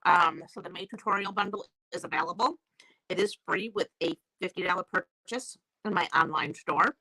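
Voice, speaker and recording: A woman's voice: on the low side, moderate pace, sharp tone, slightly rough, no room sound. A woman with a sore throat and crackly voice, chatting casually as she hosts a live stamping class and greets viewers by name. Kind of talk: live-streamed craft class chat. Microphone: new desk mic.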